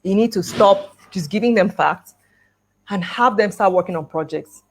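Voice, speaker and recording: A middle-aged woman addresses an education conference over a video call, telling a personal story, acting out the dialogue, and laughing lightly. Her voice is medium-pitched and moderately paced.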